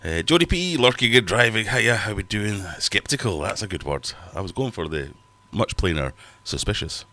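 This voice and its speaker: A middle-aged man with a very low voice hosts a livestream from his fish room at home. He reads out viewer comments and rambles on in a chatty, self-mocking way. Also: very animated, moderate pace, sharp tone. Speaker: livestream host. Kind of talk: casual livestream chat reading viewer comments.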